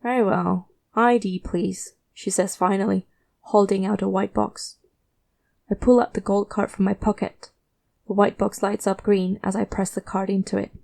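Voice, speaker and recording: Warm-voiced woman narrating a story. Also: medium pitch, flat delivery, moderate pace, gravelly. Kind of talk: scripted first-person fiction narration.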